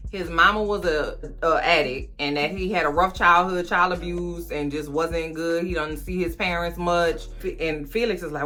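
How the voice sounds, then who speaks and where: A woman, recapping a movie in a sassy, profane, comic way and acting out characters in quick voices. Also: fairly low pitch, pushed and bright.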